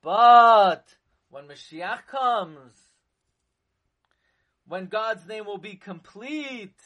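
Slow, high-voiced man preaching. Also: muffled recording. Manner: animated, chanting verses in a singsong; slow, emphatic delivery with sudden loud accents. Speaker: rabbi teaching Torah. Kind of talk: sermon.

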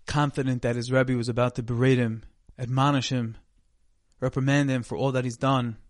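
A man's voice: medium pitch, little pitch movement, moderate pace, no room sound, clean studio sound. Earnest man telling a sermon story. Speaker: speaker giving a Torah talk.

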